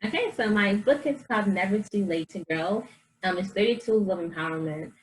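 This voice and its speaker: A woman life coach appears as a guest in a casual interview, speaking earnestly and animatedly about her past and her faith while acting out what other people said. Her mid-range voice moves briskly, and the recording is rough.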